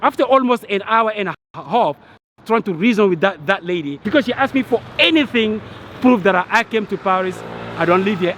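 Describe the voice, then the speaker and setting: A man's voice: sits high, lively intonation, brisk, fairly bright tone, a little hiss or hum. A man ranting in frustration to his vlog audience, annoyed and agitated, stumbling over restarts and repeating himself. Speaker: vlogger. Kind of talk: angry rant to camera.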